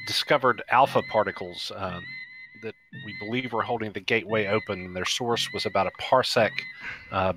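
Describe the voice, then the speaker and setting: Male player, lowish voice, hesitant in-character officer, soft music bed. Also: rough recording. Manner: halting, plenty of ums, in character as an officer. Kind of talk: tabletop role-play.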